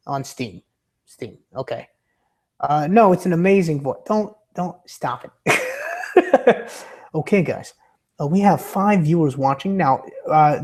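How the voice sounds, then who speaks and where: A man's voice: fairly high pitch, a little mellow. Hesitant man streaming, still getting over illness. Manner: rambling and hesitant, trips over his words. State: recovering from illness. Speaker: livestreamer. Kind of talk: casual livestream chat.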